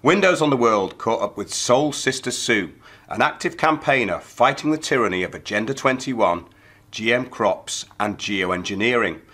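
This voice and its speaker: Male host reading a measured introduction, bright voice. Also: medium pitch, expressive. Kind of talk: scripted introduction.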